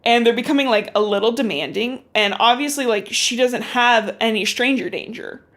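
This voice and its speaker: A woman hosting a podcast, recapping a book in casual, animated storytelling full of swearing and "like"s. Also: on the high side, normal speed. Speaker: podcast host.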